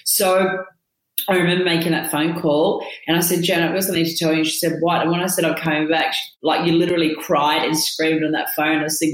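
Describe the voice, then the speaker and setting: Low-voiced chatty woman in an echoey room. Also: brisk. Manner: animated storyteller, laughs often. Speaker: podcast co-host. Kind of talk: casual chat.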